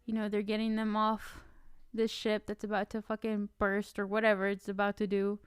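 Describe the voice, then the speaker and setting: A woman's voice: medium pitch, completely flat delivery, moderate pace, clear, resonant tone, no echo, studio quality. A woman co-hosting a podcast, chatting casually about a film, swearing freely and acting out her own reactions. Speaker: podcast co-host.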